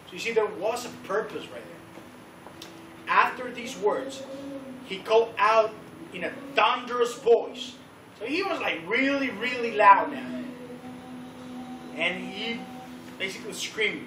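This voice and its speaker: A man giving a casual, animated teaching at a church youth service, acting out the voices of the crowd as he tells the story. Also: sits high, a little slow, long pauses. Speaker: youth leader. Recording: roomy, distant recording with faint background noise.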